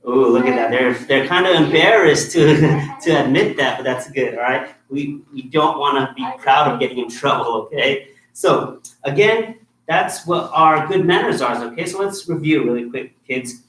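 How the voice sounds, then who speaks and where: A man's voice: medium pitch, normal speed, hardly any pauses, a bit bright. Roomy-sounding man coaching a kids' class. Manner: firm and encouraging, checks in with "okay?" after nearly every point. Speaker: martial arts instructor. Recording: echoey room with faint noise.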